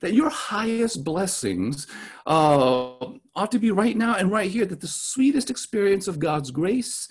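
A man's voice: high-pitched, animated, measured pace, husky. A man preaching a sermon in a conversational way, often checking in with his listeners. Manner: conversational, asks "right?" often. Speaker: pastor.

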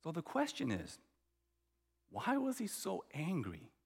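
A man's voice: fairly high pitch, wildly swooping pitch, measured pace, creaky, breathy edge, big-room sound. A man preaching a sermon, emphatic, acting out the quoted lines. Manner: emphatic, acts out the quoted brother. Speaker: pastor.

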